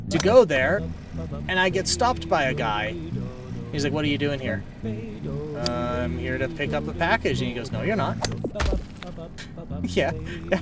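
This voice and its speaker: A man's voice: on the high side, far from the mic. A man streaming live, telling a rambling, exasperated story in casual chat and swearing now and then. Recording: voice off-mic with loud music. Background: loud music.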